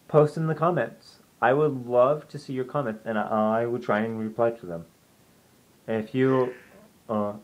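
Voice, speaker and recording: Young man telling a home ghost story. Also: mid-range voice. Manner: rambling, with many restarts and "I'm like" asides. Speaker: vlogger. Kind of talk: casual storytelling to camera.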